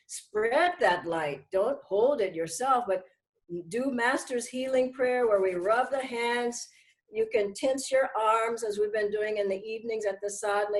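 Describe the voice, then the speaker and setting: A middle-aged woman giving a gentle, earnest spiritual talk to her followers, slowing down to stress key words. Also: on the high side, low-quality recording. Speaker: spiritual teacher.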